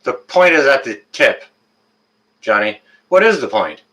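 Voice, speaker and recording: A man's voice: medium pitch, very animated, a little slow, a bit bright, low-quality recording. A man hosting a live stream, chatting casually, rambling with many fillers and greeting viewers by name.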